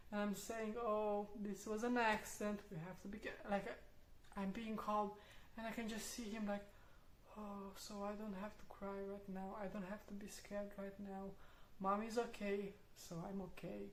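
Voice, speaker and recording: A young woman and mother, talking casually and candidly as she reviews a parenting book, thinking aloud, restarting words and swearing now and then. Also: medium pitch. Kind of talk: casual reflective vlog talk. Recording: roomy echo.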